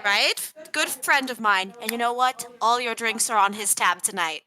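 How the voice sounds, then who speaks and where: Lady playing a tabletop rpg, cocky and crude, bright tone. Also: a little high, lively intonation, moderate pace. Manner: brash, swaggering and crude. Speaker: tabletop game player. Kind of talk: casual in-character play.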